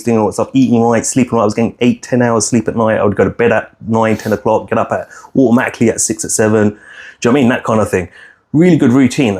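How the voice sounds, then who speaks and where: Frank, low-voiced man telling his story. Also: darkish tone. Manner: frank, rambling, swears freely, many restarts. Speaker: podcast co-host. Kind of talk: candid personal storytelling.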